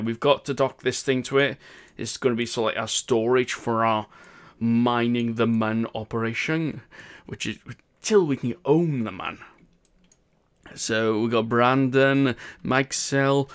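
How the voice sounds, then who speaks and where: A man's voice: medium pitch, a little slow, smooth. A man with a Welsh accent hosting a game live stream in casual, upbeat chat and laughing often.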